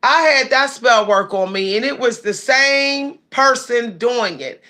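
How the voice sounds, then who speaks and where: A woman's voice: fairly high pitch, lively intonation, a little slow, bright, forceful tone. A woman with hosting a casual livestream, chatting and reading viewer comments aloud. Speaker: livestream host.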